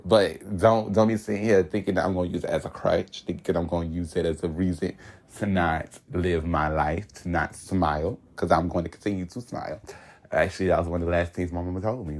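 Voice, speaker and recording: A young man hosting his own podcast, talking candidly in an animated solo monologue and laughing often. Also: sits low, a little fast. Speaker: podcast host.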